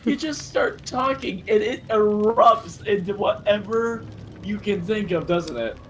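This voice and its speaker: A woman's voice: mid-range voice, animated, measured pace, faint music behind. A woman chatting casually, reacting to a story with swearing and exclamations of disbelief. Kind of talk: casual chat.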